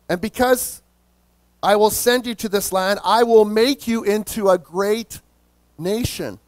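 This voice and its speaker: A male pastor preaching a sermon, slowing down to stress key words and calling out to the congregation for responses. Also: sits high, dry recording.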